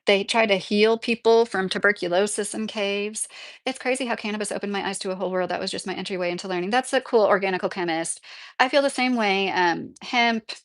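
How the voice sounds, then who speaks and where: A woman's voice: mid-range voice, brisk. A woman hosting a casual livestream, chatting in a rambling way and answering viewers by name. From Kentucky. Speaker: livestream host reading viewer comments. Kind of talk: casual live-chat talk.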